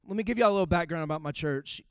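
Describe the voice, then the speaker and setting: A middle-aged man with a drawl delivers a sermon, chatty and folksy. His voice sits high, and when he reads scripture he leans in with emphatic force. The recording is dry, with no room echo. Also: racing, clear, resonant tone. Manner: conversational, folksy preaching with emphatic scripture reading. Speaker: pastor.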